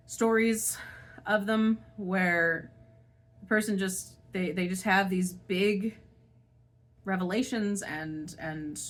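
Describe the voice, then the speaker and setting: Swearing frequently and sighing between ideas, a woman who hosts a spiritual channel pours out her frustration in a monologue. Her voice is mid-range with a fairly bright tone.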